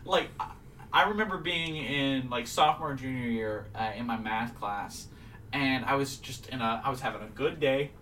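A young man chatting casually as a podcast guest, telling stories haltingly with lots of fillers and restarts. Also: mid-range voice, a bit bright, recorded from a distance, slight background noise, low-quality recording. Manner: rambling, halting storyteller with many fillers. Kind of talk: casual chat.

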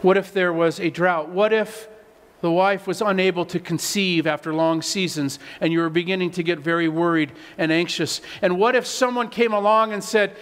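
A man's voice: high-pitched, steady tone, moderate pace, fairly bright tone, smooth, big-room sound. A man preaching a sermon as a pastor in a conversational way, often repeating words as he stresses a point.

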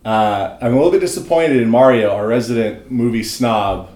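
A man's voice: medium pitch, moderate pace, darkish tone. A young man co-hosting a podcast, giving dry, critical opinions. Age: young adult. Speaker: podcast co-host. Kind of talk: casual chat. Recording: echoey room.

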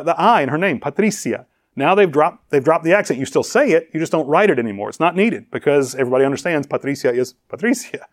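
A male preacher speaks in a voice pitched a little high for a man, teaching in a lively, conversational way. He laughs often and challenges the congregation with rhetorical questions. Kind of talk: sermon teaching.

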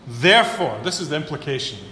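A man preaching a sermon, building to emphatic peaks and then dropping low and earnest. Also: moderate pace, fairly bright tone. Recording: echoey hall with long reverb, faint room hum.

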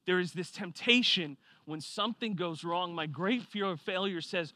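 A man preaching a sermon, telling a personal story with lively swings from quiet reflection to loud excitement. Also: high-pitched, normal speed, no room sound. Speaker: pastor.

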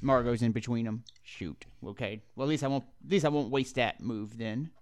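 A man playing a tabletop game who thinks aloud and asks quick questions about the rules. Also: medium pitch, no room sound. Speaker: player.

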